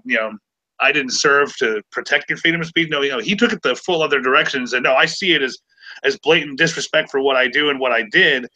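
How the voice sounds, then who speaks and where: Forties guy rambling sarcastic on a podcast, bright punchy voice, kinda high. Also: poor audio. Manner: rambling storyteller, sarcastic, stammers and restarts. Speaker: podcast host. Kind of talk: casual chat.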